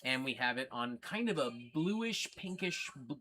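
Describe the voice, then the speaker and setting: A man hosting a metal livestream, talking casually, blunt and heavily profane, ranting at times and getting excited as he shows off records. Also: medium pitch, moderate pace. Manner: excitable while showing records. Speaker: metal channel host.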